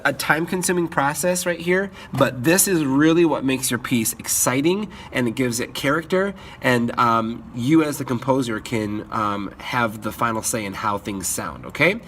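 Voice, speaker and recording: A man's voice: mid-range voice, slight background noise. Casual man teaching music composition. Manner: relaxed, many ums, checks in with "okay?". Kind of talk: screen-recorded composing tutorial.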